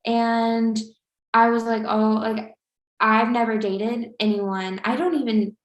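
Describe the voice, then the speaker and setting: A woman's voice: on the high side, fairly even intonation, slow. A young woman co-hosting a podcast, telling a story in casual chat with lots of fillers along the way. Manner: rambling, filler-heavy storytelling. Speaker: podcast co-host. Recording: roomy echo.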